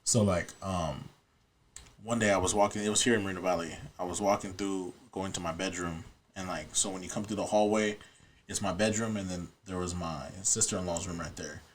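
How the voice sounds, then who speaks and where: Deep-voiced man telling a ghost story. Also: a little fast, a little hiss or hum. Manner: earnest, matter-of-fact storyteller. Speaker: podcast guest, paranormal investigator. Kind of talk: casual storytelling chat.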